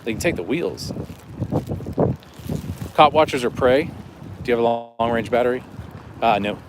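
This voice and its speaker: A man's voice: medium pitch, moderate pace, background noise. A man live-streaming from inside a car, chatting loosely and jokingly while reading out viewer comments. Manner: loose and joking, drifts between topics.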